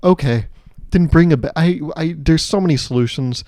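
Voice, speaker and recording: A man's voice: on the high side, normal speed, dark tone, dry recording, studio quality. A man hosting his own podcast, ranting alone in a sarcastic, profane, joking way and often laughing at his own lines. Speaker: podcast host. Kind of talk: solo comedic podcast monologue.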